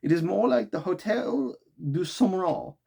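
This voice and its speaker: A man's voice: sits high, lively intonation, normal speed, vocal fry, mellow, slightly rough, pitched above the performer's own voice, full character voice. Man doing Conseil, a prim, formal servant. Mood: deferential. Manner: deferential and formal. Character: prim polite young male servant and naturalist.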